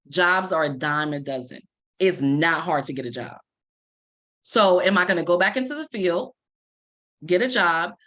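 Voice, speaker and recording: Recounting a personal experience to an audience, this woman, a life coach and Reiki practitioner, performs the quoted lines as she goes. She has a lowish, slightly bright voice.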